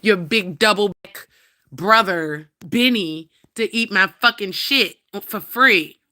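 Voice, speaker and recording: A woman's voice: medium pitch, slow, sharp tone. Blunt, profane woman ranting on a livestream. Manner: blunt, profane, talks to her cat and viewers. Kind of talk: casual livestream rant.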